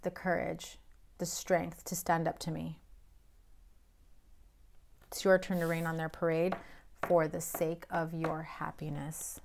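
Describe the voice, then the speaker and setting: A woman's voice: on the low side, creaky. A woman giving a casual tarot reading, talking bluntly and emphatically with frequent swearing. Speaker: tarot reader.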